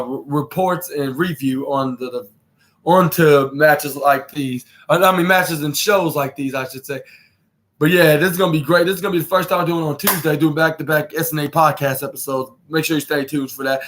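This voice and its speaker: A man hosts a casual wrestling recap podcast. His voice sits a bit high and sounds bright and forward. He rambles with lots of fillers and false starts, and often slips into acting out what the wrestlers said. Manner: rambling, many fillers and restarts, acts out quotes. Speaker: podcast host.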